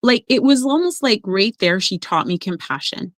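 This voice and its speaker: A woman who works as an emotional coach, talking in a casual podcast conversation and telling stories with lively acted-out voices. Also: mid-range voice, normal speed, no room sound. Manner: animated storyteller, acts out quoted voices.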